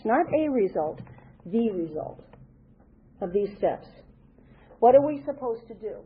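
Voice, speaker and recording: Older woman from the South, husky, earnest and rambling recovery-meeting speaker; tinny lo-fi sound. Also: a little high. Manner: earnest, rambling, with many restarts. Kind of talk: personal share at a recovery meeting. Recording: tinny phone-like recording.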